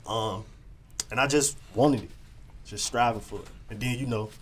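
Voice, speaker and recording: A man's voice: mid-range voice, normal speed, a little hiss or hum. A man, talking casually and in slang as a radio interview guest. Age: 20s. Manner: laid-back slangy talk. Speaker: guest rapper and label owner.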